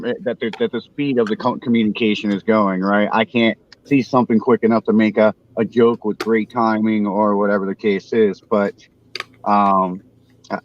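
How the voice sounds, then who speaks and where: Forties man, slow halting chat. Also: fairly low pitch, dull audio, slight background noise. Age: 40s. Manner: halting, self-deprecating, restarts often. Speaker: show host. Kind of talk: casual live panel chat.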